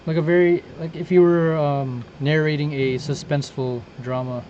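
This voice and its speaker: A man's voice: fairly high pitch, fairly even intonation, normal speed, over a noisy crowd. A man co-hosting a casual podcast over a video call, chatting loosely and swearing now and then. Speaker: podcast co-host. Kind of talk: casual chat. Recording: lo-fi call audio with clear background noise.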